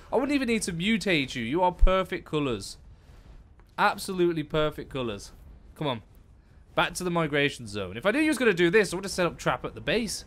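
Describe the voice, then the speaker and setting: A young man with a fairly high, lively voice narrates his game run. He talks straight to the creatures on screen and bursts into loud exclamations often. His has an or ring. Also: brisk. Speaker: gaming YouTuber. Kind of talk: let's play commentary.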